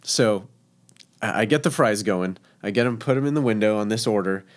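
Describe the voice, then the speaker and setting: A man's voice: on the low side, fairly quick. A man, a professional chef from Texas, telling stories in a casual interview, chatty and laughing, with many fillers.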